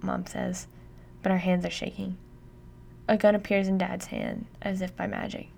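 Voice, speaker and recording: A woman giving steady, intimate first-person audiobook narration. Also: mid-range voice, normal speed, gravelly, slight background noise.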